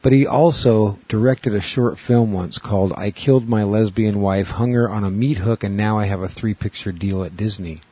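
A man's voice: fairly low pitch, moderate pace, hardly any pauses, mellow, slightly rough, dry recording. A man chatting casually, sharing offhand trivia and jokes with a friend. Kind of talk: casual chat.

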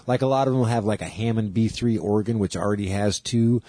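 A man's voice: on the low side, quick pace, dark tone, no echo. A man co-hosting a podcast, rambling and joking in casual chat, often trailing off mid-sentence. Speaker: podcast co-host.

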